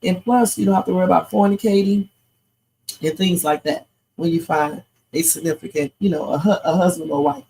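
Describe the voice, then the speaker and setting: Sleepy gravelly woman streamer. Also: lowish voice, fairly quick, mellow, a little hiss or hum, poor audio. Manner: chatty, rambling, preachy asides. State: sleepy, tired. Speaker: livestream reaction host. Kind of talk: casual live reaction commentary.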